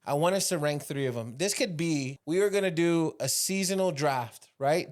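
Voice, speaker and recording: A man hosting a podcast in casual chat, joking and teasing, quick to laugh. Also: a little high. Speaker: podcast host.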